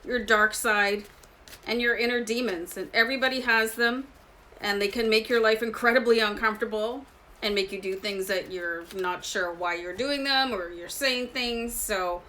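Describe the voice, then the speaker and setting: A woman with a bright, clear voice talks her viewers through a tarot reading in a relaxed, chatty way. She confides as she goes and calls the audience "guys" like old friends. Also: fairly high pitch, normal speed, a little hiss or hum, rough recording. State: slight throat irritation. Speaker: tarot reader. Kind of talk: casual tarot reading to camera.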